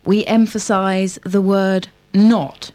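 Slow, careful woman answering drills. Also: mid-range voice, level tone, dark tone. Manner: careful, repeating full sentences. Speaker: lesson respondent.

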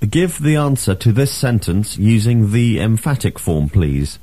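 A man teaching a language lesson, reading drills and asking questions with clear, emphatic delivery. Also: lowish voice, big pitch swings, a little slow, few pauses, warm tone, dry recording.

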